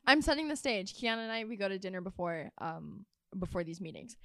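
A woman's voice: mid-range voice, expressive, fairly quick, gravelly, pushed and bright. A young woman, a resident assistant, telling a story dramatically in a casual podcast chat, playing up being indignant. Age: young adult.

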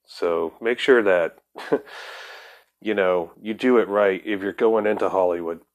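A man hosting a podcast with a lowish voice, talking in a laid-back, casual way. He swears easily and laughs often between his thoughts. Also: unhurried, gravelly. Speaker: podcast host.

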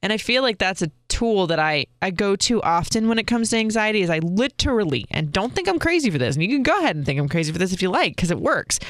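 A woman, candidly telling viewers a personal story in a casual, expressive way. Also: medium pitch, fast talker, hardly any pauses, no echo, studio quality. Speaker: vlogger.

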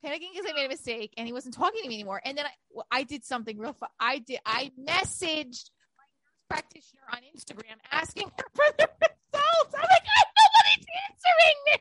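A woman's voice: sits high, animated, fast talker, bright, forceful tone, no echo. A woman in her thirties telling candid personal stories in casual chat, swearing freely.

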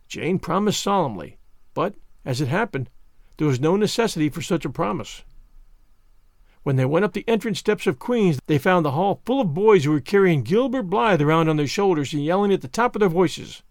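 Expressive man reading a classic story. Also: high voice, normal speed, dry recording, clean studio sound. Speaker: audiobook narrator.

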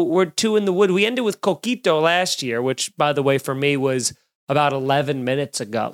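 A man in his thirties hosting a podcast alone, doing a sarcastic comedic monologue with loud bursts and muttered asides. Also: on the high side, clean tone. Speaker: podcast host. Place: home studio, recording alone.

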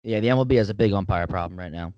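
A young man with a mid-range voice talks fast in easy sports banter, teasing and dry. The sound is close and dead, with no room at all. He keeps the tone casual and conversational. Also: lowish voice, darkish tone, no echo, muffled recording. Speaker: sports podcast co-host.

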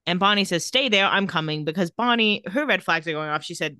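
Recap co-host, woman, crisp bright tone, dry close sound, casual chat. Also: fairly low pitch, no room sound. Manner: retells scenes quickly, reading out dialogue in a flat voice. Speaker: podcast co-host.

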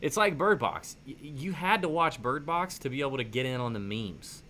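A male host in a loose, chatty conversation, his voice bright and forward. He tells stories in an animated, rambling way, often restarting his sentences. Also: mid-range voice, moderate pace, a little hiss or hum. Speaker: podcast host. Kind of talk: casual chat.

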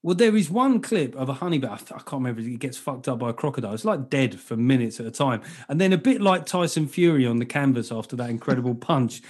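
A man's voice: mid-range voice, animated, quick pace, few pauses, a little mellow, slightly rough. A man hosting a comedy podcast, chatting in a rambling, jokey way with plenty of swearing. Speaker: podcast host. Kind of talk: casual comedic chat.

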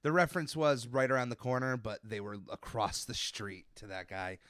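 A man's voice: mid-range voice, animated, moderate pace, fairly bright tone, dry recording, studio quality. A young man hosting a podcast, chatting casually with lots of fillers and restarts. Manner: rambling, many fillers and restarts. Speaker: podcast host. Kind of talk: casual chat.

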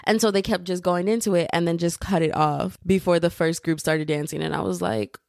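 Chatty young woman podcaster, lowish voice. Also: steady tone, fairly quick, vocal fry, a little mellow, no echo, clean studio sound. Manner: rambling, chatty, laughs often, fillers like "like". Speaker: podcast host. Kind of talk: casual solo podcast chat.

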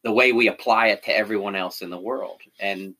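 A man's voice: lowish voice, fairly even intonation, a little fast, bright, forceful tone. A middle-aged man talking candidly in casual conversation, with lots of fillers and restarts. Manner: candid, frequent fillers and self-corrections.

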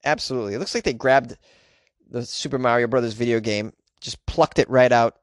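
A man giving comedic news commentary in a sarcastic, animated way, laughing at the stories he reads. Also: medium pitch, brisk, no room sound, studio quality. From United States.

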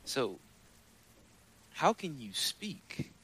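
A man's voice: mid-range voice, big pitch swings, very slow, pushed and bright, slightly rough, pitched above the performer's own voice, heavily acted, low-quality recording. A man playing a puzzled adventurer who questions a strange creature.

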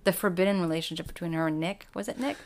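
A woman's voice: lowish voice, racing. A woman co-hosting a podcast with her husband, chatting casually and laughing easily. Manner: easygoing, laughs often. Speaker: podcast co-host. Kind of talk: casual chat.

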